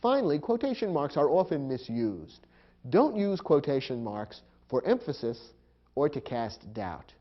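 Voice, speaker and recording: A man teaching a grammar lesson, explaining punctuation clearly and patiently. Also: a little high, big pitch swings, unhurried, muffled recording.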